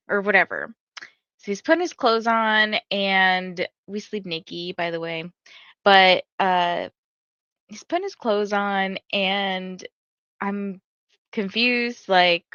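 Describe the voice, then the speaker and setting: Chatty bright-voiced woman streamer. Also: medium pitch, unhurried, clear, resonant tone, dry recording, highs cut off. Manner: chatty storytelling, many "like" fillers, laughs often. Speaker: livestream host of reading sprints. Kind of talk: casual chat to livestream viewers.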